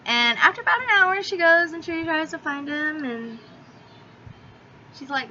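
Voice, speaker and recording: A woman's voice: high-pitched, animated, a little slow, pauses often, sharp tone. A young woman reviewing a book in a casual vlog, talking in a chatty, filler-heavy way and swearing freely. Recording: slightly dull audio with faint hiss.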